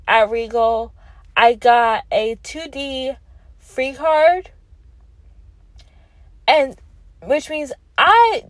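A fairly high female voice on a dry recording belongs to a young Canadian vlogger. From her parked car she delivers a chatty, emphatic, self-deprecating movie review for her casual vlog.

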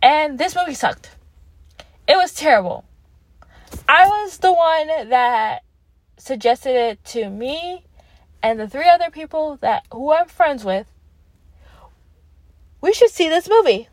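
A woman's voice: high voice, animated, takes it slowly, long pauses, no room sound. Woman, Canadian accent, casual vlog talk, emphatic, recorded in a car, dry close sound. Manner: chatty and emphatic, self-deprecating. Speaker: vlogger. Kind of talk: casual movie review vlog. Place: parked car.

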